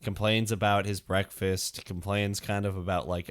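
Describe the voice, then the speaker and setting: A man's voice: lowish voice, little pitch movement, normal speed, clear, resonant tone. A young man co-hosting a casual podcast, talking through his thoughts in a rambling, hesitant way with many fillers. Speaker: podcast co-host.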